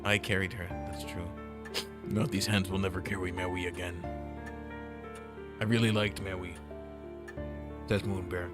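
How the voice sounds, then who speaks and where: A man's voice: low-pitched, level tone, a little slow, long pauses, over loud music. A man streaming a game, reading its text aloud with jokey, mock-dramatic commentary into a desk mic. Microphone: desk mic with noise gate.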